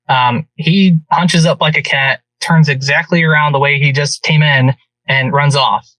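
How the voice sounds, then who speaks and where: A man, a guest on a podcast, telling a hunting story in casual and animated speech. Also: fairly high pitch, fairly quick, no echo. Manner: animated, vivid retelling. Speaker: guest hunter. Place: podcast studio. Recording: distant from mic, dry.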